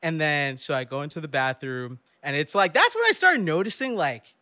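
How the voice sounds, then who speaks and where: A young man telling a lively story on stage, laughing often and acting out the voices of the people in it. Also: fairly high pitch, normal speed. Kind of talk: live storytelling.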